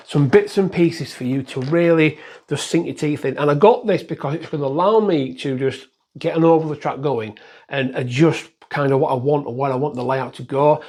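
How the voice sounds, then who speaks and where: A man chatting casually to camera about his hobby, rambling and self-deprecating. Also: mid-range voice. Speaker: model railway YouTuber.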